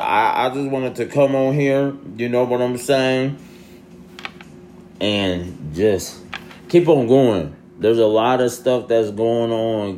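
A young man talking casually to his followers in a loose, slangy way that sometimes climbs into loud, exasperated ranting. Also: lowish voice, slight background noise. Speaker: social media creator. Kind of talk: casual vlog monologue.

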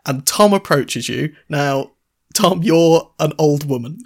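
A man's voice: fairly high pitch, animated, slow pace. A young man co-hosting a podcast who banters playfully and sets up an improvised role-play. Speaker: podcast co-host. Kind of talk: casual chat.

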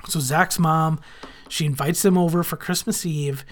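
A man's voice: on the high side, fairly even intonation, unhurried. Chatty male podcast host recapping. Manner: chatty, wry asides with frequent "uh"s. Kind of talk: casual podcast episode recap.

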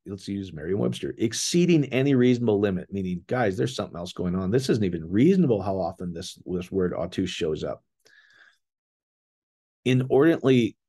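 A man with a husky, slightly low voice leads a casual scripture word study. He explains each term with eager enthusiasm and keeps turning to his listeners directly. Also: a little mellow. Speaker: bible teacher.

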